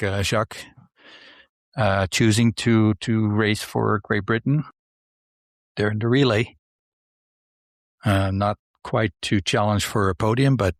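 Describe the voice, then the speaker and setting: Guy cohosting a podcast, kinda low voice, lots of pauses and restarts, dry audio. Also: gravelly, dry recording. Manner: hesitant, many fillers and restarts. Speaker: podcast co-host. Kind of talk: casual chat.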